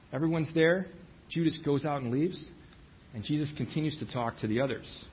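Male preacher, mid-pitched, narrative sermon delivery, muffled lo-fi sound. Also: a little hiss or hum. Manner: storytelling, voices the quoted lines with dramatic shifts.

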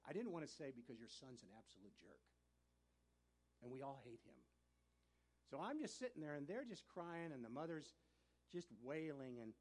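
Animated man telling a sermon story. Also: fairly high pitch, a little fast. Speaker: preacher.

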